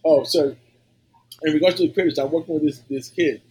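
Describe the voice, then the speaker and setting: A man's voice: on the high side, fairly even intonation, fairly quick, warm tone, slightly rough, low-quality recording. A middle-aged man, a guest telling stories in casual podcast chat, loose and profane, rambling with many fillers. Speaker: guest HVAC technician.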